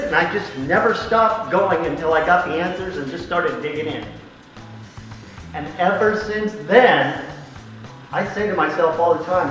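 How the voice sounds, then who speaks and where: A male mental toughness trainer telling a team a story, acting out the dialogue as he goes. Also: high voice. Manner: animated, acts out conversations in quotes. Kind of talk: motivational storytelling to a sports team. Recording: echoey distant recording with music behind.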